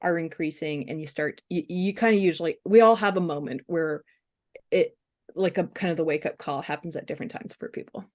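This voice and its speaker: A woman speaking candidly as a webinar guest, halting with fillers and restarts. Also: low voice, darkish tone. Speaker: guest speaker on compassion fatigue. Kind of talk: casual webinar conversation.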